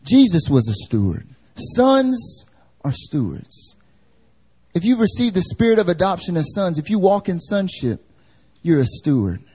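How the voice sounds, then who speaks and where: Animated husky male preacher. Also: high-pitched, a little slow. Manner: animated, conversational, acts out voices. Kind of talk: live church sermon. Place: church service.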